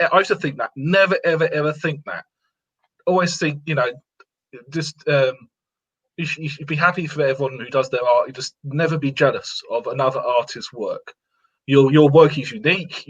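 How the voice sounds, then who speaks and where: Artist guest, husky and higher-pitched, earnest pep talk on a lo-fi line. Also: male voice, fairly bright tone. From England. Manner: earnest, repetitive, encouraging. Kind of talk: casual interview chat. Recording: lo-fi sound.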